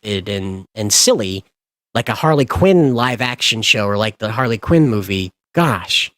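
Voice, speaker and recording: A man's voice: fairly low pitch, expressive, a little slow, fairly bright tone, dry recording. A man hosting a livestream, ranting in a sarcastic, sweary, exasperated way. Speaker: livestream host. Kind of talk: casual ranting stream commentary.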